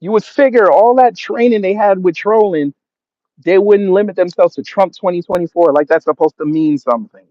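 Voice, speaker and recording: Reading out his livestream chat, a host of Jamaican background responds with laughter and sarcastic replies. He speaks a little fast in a voice that sits high. The stream audio is dull and lo-fi, with no room sound.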